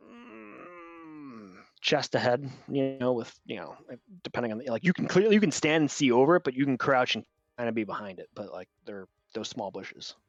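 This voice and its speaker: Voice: mid-range voice, big pitch swings, moderate pace, no echo, muffled recording. A game master running a tabletop game in a casual, rambling way with many fillers.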